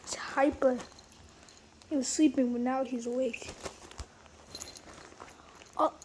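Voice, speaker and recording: A woman's voice: sits high, steady tone, slow pace, a little mellow, a little hiss or hum. A woman filming a casual home vlog on a phone, gushing and cooing baby talk at a puppy. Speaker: vlogger. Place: family home.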